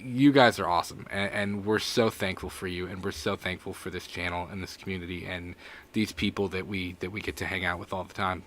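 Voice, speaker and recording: A man's voice: deep voice, steady tone, fairly quick, fairly bright tone, slight background noise. A young man co-hosting a live movie podcast, laughing often, reading chat aloud, and getting sentimental. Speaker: podcast co-host. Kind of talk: casual live-stream chat.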